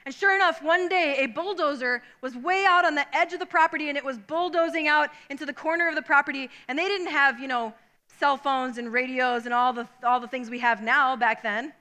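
A woman preaching with a high, bright voice, telling a family story with lots of energy. She acts out the people in the story, jumping up into loud, high shouts. Her delivery is expressive and storytelling-driven. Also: fairly quick. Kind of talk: sermon with storytelling.

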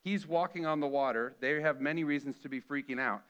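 A man's voice: on the high side, a little fast, fairly bright tone, clean tone. A middle-aged man preaching a sermon earnestly, acting out the quoted lines with feeling. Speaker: pastor.

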